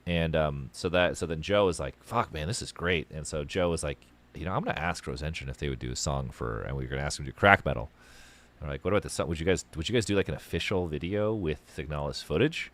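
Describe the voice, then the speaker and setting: A man's voice: extremely low pitch, fast, fairly bright tone. A man hosting a casual call-in livestream show, rambling and swearing as he tells stories. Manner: rambling, profane, storytelling. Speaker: podcast host taking calls.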